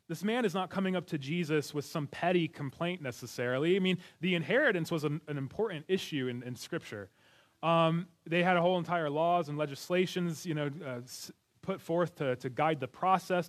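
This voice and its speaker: A man preaching a sermon as a pastor, talking to his congregation in an earnest, conversational way. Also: on the high side. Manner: conversational, earnest, with restarts and light laughs.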